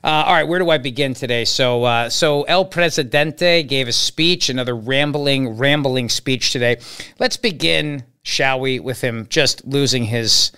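A man's voice: mid-range voice, normal speed, bright, forceful tone, smooth. A man hosting a political talk show, commenting sarcastically on played clips with mocking asides. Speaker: political podcast host.

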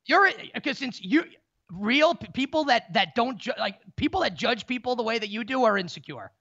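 A man in his thirties talking in casual sports-betting banter, in a rapid, profane, stammering rant. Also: very high voice, animated, pushed and bright. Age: 30s. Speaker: co-host. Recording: dull lo-fi audio.

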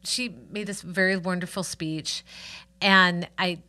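A woman's voice: fairly low pitch, fairly even intonation, slow, sharp tone. A middle-aged woman co-hosting a podcast, telling stories in a chatty, enthusiastic way. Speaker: podcast co-host. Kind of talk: casual chat.

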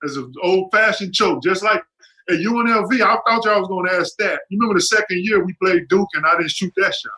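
Lively, bright-voiced man in his fifties. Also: high-pitched, brisk, low-quality recording. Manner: laughing, animated storyteller, salty slang. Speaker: podcast guest, former pro basketball player. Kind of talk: casual interview chat.

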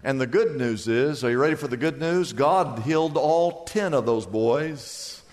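A man's voice: mid-range voice, a little slow, a little mellow. A male pastor preaching an emphatic, conversational sermon full of repetition. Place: church sanctuary. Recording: long church hall reverb.

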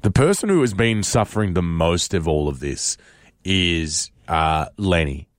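Hoarse low-voiced man. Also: lively intonation, unhurried, dry recording, studio quality. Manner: chatty, storytelling, jokey. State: hoarse from a sore throat. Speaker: radio co-host. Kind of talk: casual radio chat.

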